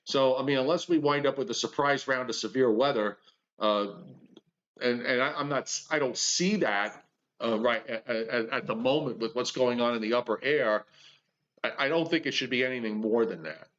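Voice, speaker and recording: A man's voice: medium pitch, normal speed, fairly bright tone. A man co-hosting a casual weather show, talking with many stammered restarts and hesitations. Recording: dull lo-fi audio.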